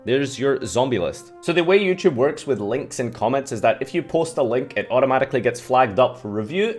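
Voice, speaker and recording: A man hosting a casual commentary video, talking in a sarcastic, self-mocking way. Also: mid-range voice. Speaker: YouTube host.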